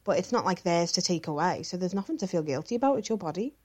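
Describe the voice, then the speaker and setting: Frank, sweary woman with a low voice. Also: lively intonation, fast talker, darkish tone. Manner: frank and sweary, many fillers like "like" and "um". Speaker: podcast co-host reading listener questions. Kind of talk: casual chat.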